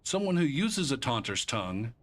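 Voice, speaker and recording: A man's voice: mid-range voice, big pitch swings, moderate pace, fairly bright tone. A male streamer chatting casually with his viewers while playing, arguing and swearing freely. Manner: argumentative, bantering with chat. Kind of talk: casual live-stream chat while gaming.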